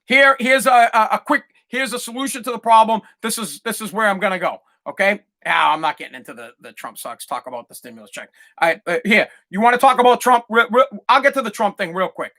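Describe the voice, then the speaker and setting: A man's voice: high-pitched, fairly quick, bright, forceful tone. A man hosting a solo sports podcast, ranting in a fired-up way, swearing and repeating himself. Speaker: podcast host.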